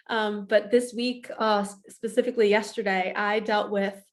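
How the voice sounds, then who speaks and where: A woman spiritual life coach in a confessional vlog, chatty and emotional, rambling with many "like"s and laughing often. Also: mid-range voice. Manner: emotional, openly sharing feelings. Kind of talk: confessional vlog talk to camera.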